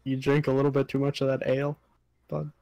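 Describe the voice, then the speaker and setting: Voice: medium pitch, monotone, fast, creaky, warm tone, no echo. A player in a tabletop game, teasing the others and laughing along. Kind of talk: playing a tabletop game live.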